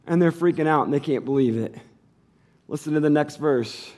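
Pastor guy, voice on the high side, preaching, jumps from quiet mumbles to loud bursts. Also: a little slow, long pauses. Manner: storytelling, acts out the people in the passage. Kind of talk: sermon.

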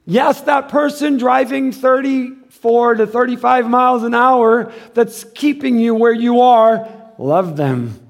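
A man's voice: very high voice, little pitch movement, unhurried, creaky, hardly any pauses. A middle-aged man, a pastor, giving a conversational sermon, acting out quoted voices and chuckling often.

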